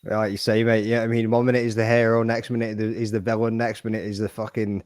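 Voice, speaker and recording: A man's voice: on the low side, little pitch movement, fast, darkish tone, no echo, clean studio sound. A man co-hosting a casual fight-sports podcast, blunt, swearing casually and calling people mate. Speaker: podcast co-host. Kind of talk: casual MMA chat.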